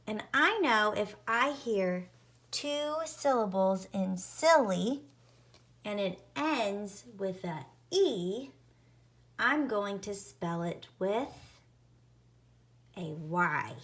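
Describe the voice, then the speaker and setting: A woman teaching a phonics lesson to young children, sounding out each letter slowly and clearly. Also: medium pitch, animated, a bit bright.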